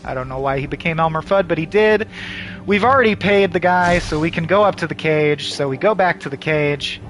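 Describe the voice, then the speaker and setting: A man's voice: a little high, brisk, a bit bright, soft background music. A man hosting a comedy show, playing a video game and reading its text aloud with jokey, self-mocking asides.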